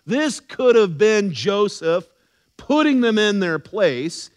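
A man preaching a sermon in an earnest, conversational way, often dropping his voice low for emphasis. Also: sing-song, slow, clear, resonant tone.

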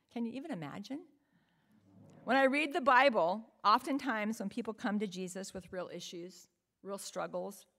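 A woman's voice: medium pitch, a bit bright. A woman preaching a sermon in an earnest, emphatic way, often asking the listeners rhetorical questions.

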